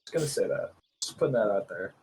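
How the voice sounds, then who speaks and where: A man's voice: lowish voice, expressive, fast talker, a little mellow. A man from the United States chatting casually on a stream, teasing and laughing a lot. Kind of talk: casual chat.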